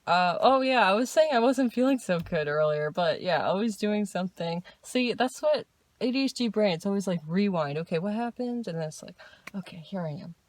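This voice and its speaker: A woman talking casually in a personal diary vlog, rambling, restarting and laughing often, in a dark room at night. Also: medium pitch, animated, normal speed, no echo. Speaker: vlogger.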